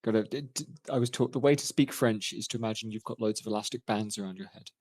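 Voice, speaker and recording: A man narrating as game master of a tabletop game, measured and thoughtful, with frequent ums. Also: lowish voice, darkish tone, no room sound.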